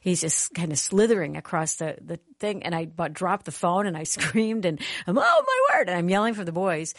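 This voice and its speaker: Middle-aged female talk host, low voice, earnest storyteller with a preacher's turn, dry close sound. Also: fairly quick, no echo. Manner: earnest, conversational, animated in retelling. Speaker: Christian radio host and author. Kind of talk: personal storytelling with spiritual teaching.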